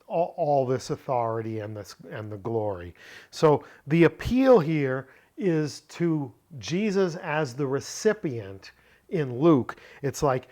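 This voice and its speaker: A man teaching a biblical Greek lesson, reading phrases slowly and deliberately, with frequent fillers and small self-corrections. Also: medium pitch, animated, darkish tone.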